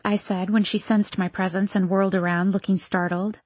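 A woman narrating a first-person novel as an audiobook, with measured, expressive storytelling. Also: mid-range voice, dry recording.

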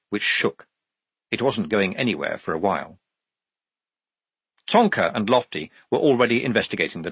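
Husky-voiced male audiobook narrator. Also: fairly low pitch, dry recording. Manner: lively, expressive storytelling. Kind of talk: scripted narration.

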